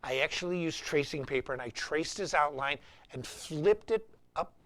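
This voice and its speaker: A middle-aged man hosting a live-streamed guitar lesson and talking in an animated, rambling, anecdotal way. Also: fairly high pitch, moderate pace. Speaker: guitar teacher and show host.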